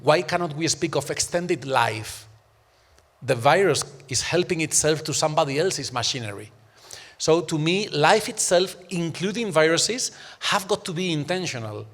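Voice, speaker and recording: A man's voice: fairly high pitch, lively intonation, moderate pace, fairly bright tone, in a large hall. A man in an academic panel discussion, arguing emphatically and using many rhetorical questions.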